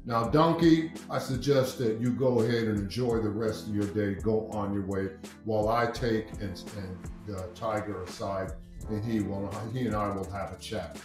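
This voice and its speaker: A man's voice: fairly low pitch, fairly even intonation, normal speed, roomy sound, music in the background, voice pushed down, natural voice. A man voicing a stern male lion, king of the jungle, in a blunt, scolding manner. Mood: calm.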